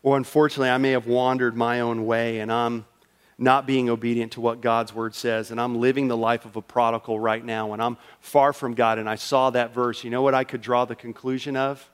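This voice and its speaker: A man preaching a sermon as pastor, swinging from loud, emphatic lines to a hushed, low delivery and acting out a listener's thoughts. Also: flat delivery, brisk, smooth, long reverb tail. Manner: acts out a listener's thoughts in quoted asides.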